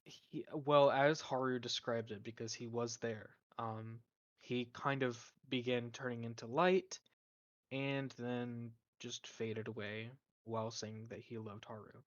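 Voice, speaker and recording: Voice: mid-range voice, fairly even intonation, measured pace, no room sound. Matter-of-fact player on a dull mic. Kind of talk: playing a tabletop game.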